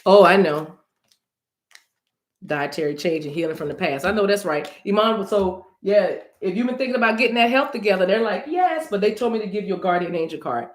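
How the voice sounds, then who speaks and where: Speaking fairly quickly in a mid-range voice, this livestream card reader chats playfully and casually with her viewers, occasionally bursting into song. The recording is reverberant.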